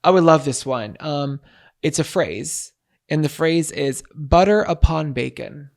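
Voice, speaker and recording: A man's voice: a little high, unhurried, creaky. A young adult man co-hosting a podcast, chatting playfully and casually with lots of fillers. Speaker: podcast co-host. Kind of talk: casual comedic chat.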